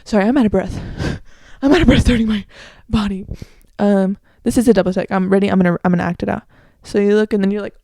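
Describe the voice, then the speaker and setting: Speaking at a normal pace in a warm, medium-pitched voice, this young podcast host delivers opinionated solo chat laced with "like." The recording is studio quality with no room sound.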